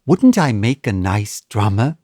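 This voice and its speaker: A man's voice: lowish voice, sing-song, a little slow, dry recording, clean studio sound. A man doing a playful young woman. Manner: playful, bright. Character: lively happy young woman.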